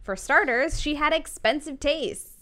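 A woman's voice: sits high, unhurried, sharp tone. A woman casually telling a history story on a podcast, laughing often and swearing freely.

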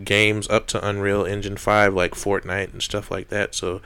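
A man's voice: fairly low pitch, level tone, normal speed, bright, forceful tone, a little hiss or hum. A young man co-hosting a podcast, chatting casually with lots of swearing and rambling jokes. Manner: rambling, profane, jokey. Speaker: podcast co-host. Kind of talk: casual chat.

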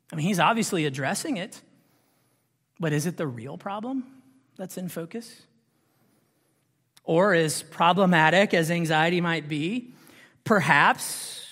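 Male preacher, somewhat high voice, poses rhetorical questions and builds to emphatic peaks; reverberant sanctuary sound. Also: a bit bright. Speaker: pastor. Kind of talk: sermon.

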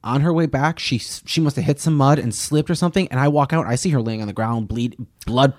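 A man's voice: medium pitch, fast talker, darkish tone, no room sound, clean studio sound. A young man co-hosting a podcast, telling a story in a laid-back, casual way, full of "dude" and "yep". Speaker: podcast co-host.

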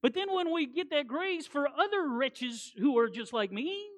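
A woman preaching a sermon as guest preacher, animated, repeating words for emphasis, with conversational folksy asides. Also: high-pitched, normal speed.

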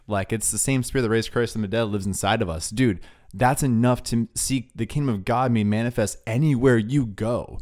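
A man's voice: mid-range voice, brisk, darkish tone. Chill young guy talking about faith, tons of "dude" and "like", mid voice. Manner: laid-back, says "dude" and "like" a lot. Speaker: podcast co-host. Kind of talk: casual faith talk, storytelling.

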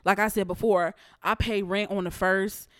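A young woman hosting a podcast, ranting about work in a blunt and heavily profane way. Her voice sits in a middle register and stays animated as she tells her stories. The recording is dry and close, with no room sound. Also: medium pitch, moderate pace, clear, resonant tone, no room sound. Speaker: podcast host. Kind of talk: casual storytelling rant.

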